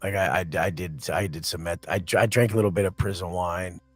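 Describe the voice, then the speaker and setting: A man's voice: low-pitched, steady tone, brisk, husky, no room sound, soft background music. A man as a podcast guest, telling blunt, aggressive stories and swearing constantly, often acting out confrontations. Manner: acts out quoted confrontations. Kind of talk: profane storytelling in a podcast interview.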